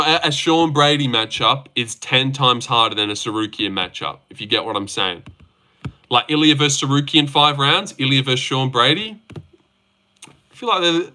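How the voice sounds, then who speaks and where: A young man from Australia, hosting a live chat about fights, teasing viewers and swearing freely. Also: pushed and bright. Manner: teasing, swears freely, jumps up in pitch when mocking. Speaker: livestream host reading chat.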